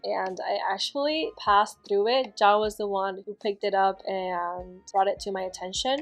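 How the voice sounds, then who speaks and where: A young woman chatting casually through a makeup tutorial, gushing and warm about family, with soft laughs. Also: mid-range voice. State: emotional, near tears. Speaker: beauty vlogger.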